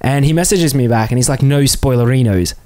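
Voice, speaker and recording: A man's voice: mid-range voice, brisk, mellow. A man, co-hosting a casual podcast chat and ranting with plenty of swearing. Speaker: podcast co-host.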